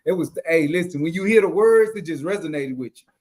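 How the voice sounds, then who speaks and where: A man's voice: fairly high pitch, lively intonation, fast, a little mellow. A man co-hosting a live show, chiming in with agreement and praise for the guest. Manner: affirming, chimes in with agreement. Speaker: podcast co-host.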